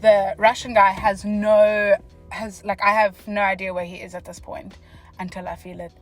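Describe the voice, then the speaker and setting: A young South African woman tells a story from her car with a lively, jumpy delivery, dropping to a whisper and then bursting out loud. She talks casually and fast, with plenty of asides. Faint music plays behind her. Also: mid-range voice, rough recording. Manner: animated, jumps between whispers and loud exclamations, quick asides. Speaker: vlogger. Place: parked car.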